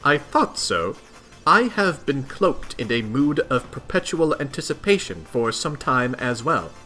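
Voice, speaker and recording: A man voicing a poised, stylish young female alien who speaks in a measured, formal way while reading a webcomic aloud. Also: medium pitch, very animated, sharp tone, faint music behind. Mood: composed.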